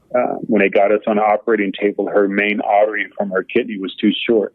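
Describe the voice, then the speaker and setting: A man's voice: on the low side, no echo. A man being interviewed as a guest, telling a personal story emotionally, rambling with many fillers. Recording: tinny phone-like line, dry.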